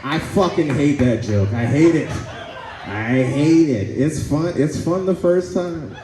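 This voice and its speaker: A man's voice: fairly high pitch, animated, measured pace, a crowd in the background. A man performing a profane, rambling stand-up comedy set, telling stories and acting out the other people in them, on a club stage with a handheld mic. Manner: profane, rambling storytelling with acted asides. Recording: roomy club sound, faint ambience.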